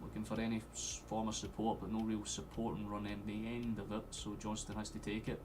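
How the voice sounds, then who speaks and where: A young Scottish man streaming a football watchalong, chatting and swearing freely, with sudden loud outbursts at the play. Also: lowish voice, monotone, fairly quick, few pauses, slight background noise. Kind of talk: live match commentary to chat.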